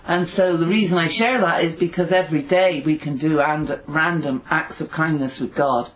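A man's voice: fairly high pitch, fairly even intonation, moderate pace. A man sharing an earnest, informal devotional talk with his fellowship, rambling with many fillers. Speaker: fellowship member sharing encouragement. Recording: dull lo-fi recording.

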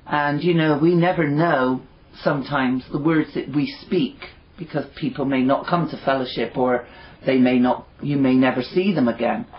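A man's voice: medium pitch, steady tone, normal speed. A man sharing an earnest, informal devotional talk with his fellowship, rambling with many fillers. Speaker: fellowship member sharing encouragement. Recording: dull lo-fi recording.

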